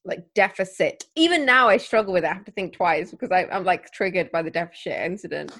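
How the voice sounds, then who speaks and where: A young woman from India hosting a casual chat, talking fast and excitably, swearing and laughing freely. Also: lowish voice.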